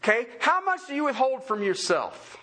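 Guy preaching a sermon, high voice that jumps all over, keeps asking the crowd questions. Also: moderate pace. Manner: animated, asks the congregation many questions. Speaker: pastor.

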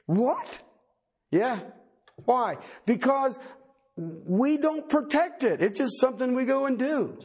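Man, middle-aged, pastor, sermon, folksy and animated, husky, high-pitched. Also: takes it slowly. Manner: folksy, animated preaching with asides and humor.

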